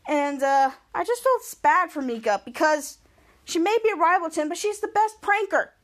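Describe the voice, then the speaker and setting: High-voiced excited podcast host. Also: female voice, normal speed. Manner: excited, acts out characters' lines while retelling. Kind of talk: casual episode recap.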